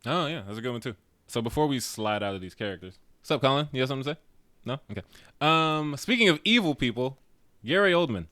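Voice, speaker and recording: A man's voice: medium pitch, a bit bright, dry recording. A man co-hosting a casual movie review podcast, joking and making wry asides. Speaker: podcast co-host.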